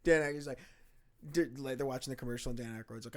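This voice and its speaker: A man co-hosting a casual podcast, talking in an animated, profane, storytelling way. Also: medium pitch, quick pace. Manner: animated, swearing, prone to impressions. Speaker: podcast co-host. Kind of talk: casual chat.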